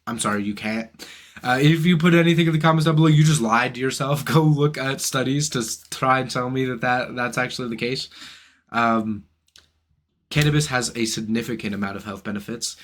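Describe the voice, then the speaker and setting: Here a young philosophy-channel host delivers an outraged, foul-mouthed monologue to camera, heavy on rhetorical questions. His voice sits at medium pitch and moves a little fast.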